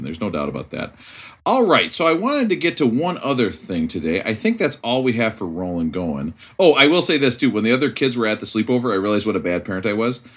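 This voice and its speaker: A man's voice: medium pitch, a bit bright, breathy edge. A man hosting a podcast in casual chat, joking and laughing often. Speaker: podcast host.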